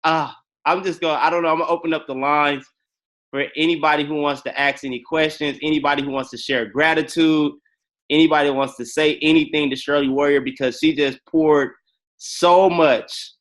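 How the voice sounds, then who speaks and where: A man hosting a group call, gushing and excitable with slangy talk. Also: a little high, fairly quick. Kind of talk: casual chat.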